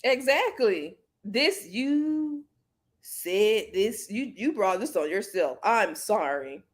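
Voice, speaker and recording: A woman's voice: medium pitch, expressive, slow. A woman hosting a casual commentary chat, joking and laughing often. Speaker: host.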